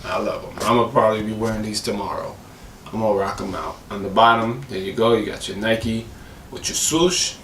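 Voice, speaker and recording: A man with a hoarse, cracking voice, rambling eagerly and slangily through a casual sneaker review. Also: on the low side, fairly even intonation, fairly quick, a bit bright, echoey room, far from the mic, slight background noise.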